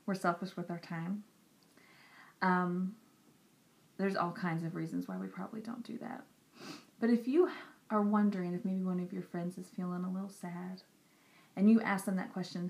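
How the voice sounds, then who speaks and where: A young woman talking earnestly and directly to camera in a personal vlog. She repeats herself for emphasis and sometimes drops into soft, whispery asides. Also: medium pitch. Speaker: Christian vlogger. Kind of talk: personal encouraging talk to camera.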